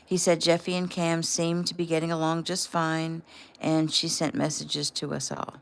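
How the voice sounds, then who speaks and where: A woman's voice: deep voice, little pitch movement, normal speed, creaky. A woman reading the part of a middle-aged father passing on good news to his family. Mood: reassuring.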